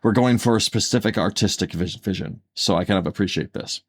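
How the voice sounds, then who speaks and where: A man with a lowish voice talks fairly quickly while co-hosting a casual podcast. He rambles through his thoughts with many fillers, restarts, and self-corrections.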